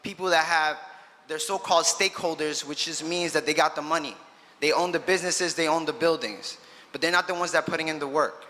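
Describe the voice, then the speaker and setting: A man's voice: a little high, pushed and bright. A man giving heated, indignant testimony at a public hearing. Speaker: public commenter. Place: large public hearing hall. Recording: long hall reverb, faint noise.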